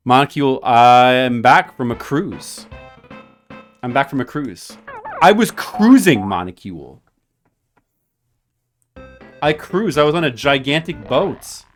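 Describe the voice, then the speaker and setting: A man chatters casually while streaming a retro puzzle game, playful and meandering as he teases a viewer. His pitch bounces around with lively, animated swings. Faint game music plays behind him. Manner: playful, rambling, jokingly addresses a viewer by name.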